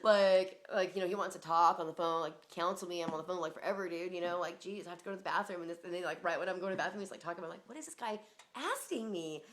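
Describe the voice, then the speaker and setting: A woman's voice: lowish voice, steady tone, rapid-fire, hardly any pauses. A woman telling a personal story in a rambling, casual way, full of fillers, swearing and laughter.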